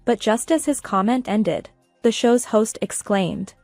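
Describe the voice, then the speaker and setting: A woman narrating a first-person revenge story in a steady, even manner. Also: a little high, a little slow, no echo, faint music behind.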